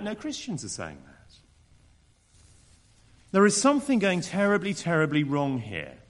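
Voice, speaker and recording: A male preacher delivers a sermon with a lively, wide-ranging voice that sits a little high. He slips into mocking, exaggerated tones whenever he voices the people he quotes.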